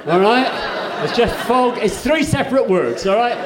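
A man's voice: sits high, animated, normal speed, roomy sound. An older man telling a humorous story on stage between songs, chatty and wry, often restarting his sentences. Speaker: folk singer and storyteller. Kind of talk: live on-stage song introduction.

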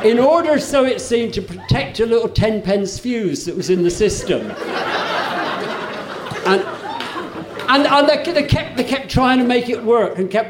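Older man, wry high-pitched raconteur. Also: a little mellow, reverberant. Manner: chatty, self-interrupting, wry humor. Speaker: folk singer and storyteller. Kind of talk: live on-stage song introduction.

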